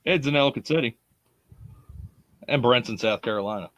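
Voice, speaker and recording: A man's voice: medium pitch, brisk, fairly bright tone, lo-fi sound. A man with a Baltimore accent hosting a live podcast in a casual, chatty way, greeting listeners by name and laughing often. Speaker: podcast host.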